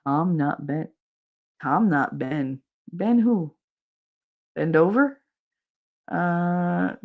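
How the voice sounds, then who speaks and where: A woman hosts a loose, laugh-filled livestream chat. Her speaking voice sits a little low. She tells animated stories and acts out what other people said. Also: gravelly. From Hoboken, New Jersey. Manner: animated storyteller, laughs often, acts out quotes. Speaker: livestream podcast host. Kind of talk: casual chat reading viewer comments.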